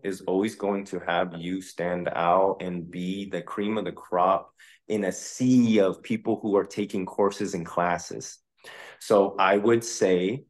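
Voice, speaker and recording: Brief: man in his 30s, very low voice, a realtor talking shop off the cuff, blunt now and then. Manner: candid, conversational, occasional profanity. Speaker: realtor and podcast host. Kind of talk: casual interview answers.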